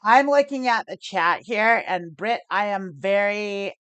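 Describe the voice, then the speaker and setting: In an expressive, unhurried mid-range voice with a fairly bright tone, an American woman live-streams online poker. The recording has no room sound, and the highs are cut off. She explains her plays in a relaxed, chatty way, mocking herself, laughing often and cursing mildly.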